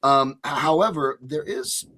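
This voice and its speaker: A man's voice: medium pitch, measured pace, pushed and bright. A man from Hawaii talking casually as a fight analyst on a podcast, rambling with lots of restarts. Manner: rambling, restarts, frequent "right?".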